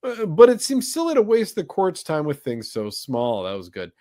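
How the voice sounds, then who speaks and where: Podcast guy reading stuff out, teasing, lively up and down voice, dry mic. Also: on the high side, moderate pace, no echo. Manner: teasing, animated. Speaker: podcast co-host. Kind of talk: casual chat, reading posts aloud.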